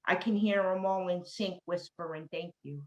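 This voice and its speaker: A woman's voice: lowish voice, fairly even intonation, moderate pace. Woman, New York accent, heartfelt rhythmic slam poetry, echoey room. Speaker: poet in recovery. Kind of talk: spoken word poetry reading. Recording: roomy echo.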